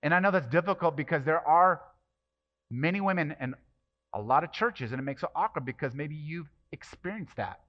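A man's voice: on the high side, lively intonation, fairly quick, highs cut off. A man preaching a sermon as pastor, passionate and emphatic, with many rhetorical questions.

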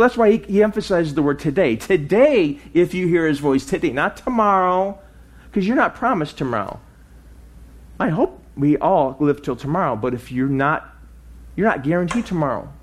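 A man preaching a sermon, with lively swings in pitch and loudness, dropping low and soft for emphasis. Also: slightly rough. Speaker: pastor.

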